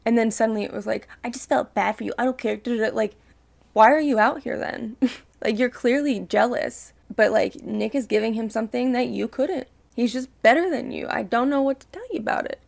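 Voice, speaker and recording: Young woman with a gravelly fry. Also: a little high, a little fast. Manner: emotional, ranting, swears freely. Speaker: reaction video host. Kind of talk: casual reaction commentary.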